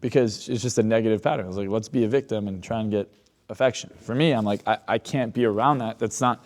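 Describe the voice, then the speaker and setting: A man's voice: on the low side, quick pace. A man, a hypnotist guest on a podcast, talking bluntly and confidently in casual conversation, acting out quoted exchanges as he tells stories. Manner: blunt, confident storyteller who acts out quoted dialogue.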